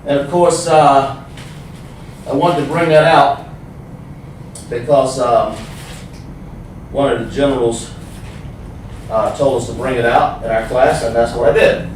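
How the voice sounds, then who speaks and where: A man teaching a livestreamed class, explaining slowly, repeating himself and sounding out letters. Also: medium pitch, fairly even intonation, a little mellow, distant mic. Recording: echoey room, voice from off the mic, faint noise.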